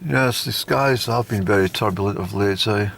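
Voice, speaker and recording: A man's voice: lowish voice, moderate pace, vocal fry, fairly bright tone. A man, rambling in a wry, self-deprecating vlog monologue recorded outdoors. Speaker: vlogger. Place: outdoors in a car park.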